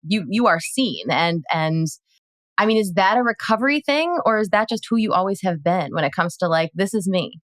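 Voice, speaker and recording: A woman hosting a podcast, chatty and quick to laugh. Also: mid-range voice, animated, fairly bright tone, dry recording. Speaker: podcast host. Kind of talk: casual podcast chat.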